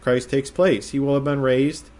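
A man giving verse-by-verse Bible teaching in a measured, explanatory way, slowing down to stress quoted phrases. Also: mid-range voice, level tone, a little mellow.

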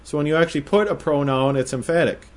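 Male Bible teacher, slightly higher voice, measured explanatory delivery, leans on key phrases. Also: darkish tone. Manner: measured, explanatory, slows to stress quoted phrases.

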